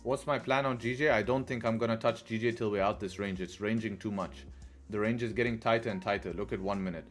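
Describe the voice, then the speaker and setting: Low-ish and fairly even in intonation, this man's voice moves fast over faint background music as he hosts a trading stream. He's conversational with viewers, habitually saying "right?" and cursing on the side.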